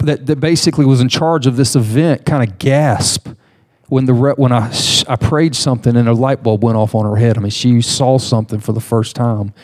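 A man preaching a sermon, telling a personal story in an animated way, with laughs and restarts. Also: medium pitch. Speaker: pastor.

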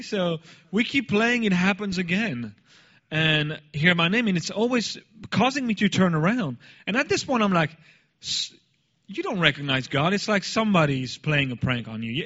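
A man casually telling a personal story in an animated way, laughing now and then. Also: sits high, moderate pace, lo-fi sound. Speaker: speaker sharing a story.

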